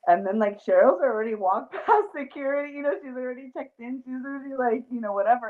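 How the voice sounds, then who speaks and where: A woman's voice: on the high side, lively intonation, quick pace, hardly any pauses. A woman hosting a casual chat, talking in a rambling way with many fillers and frequent laughs. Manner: chatty, lots of fillers and laughter. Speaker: host. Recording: tinny phone-like line.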